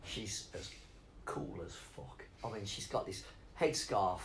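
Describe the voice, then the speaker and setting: A man's voice: lowish voice, takes it slowly, vocal fry, slight background noise, rough recording. Rambling, sweary middle-aged man. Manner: rambling, sweary, goes off on tangents. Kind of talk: casual interview chat.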